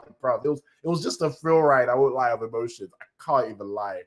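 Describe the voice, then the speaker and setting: Talking fast with few pauses, a man gives an excitable, slangy live-stream review, rambling through many restarts and sometimes leaping into high cries when he's moved.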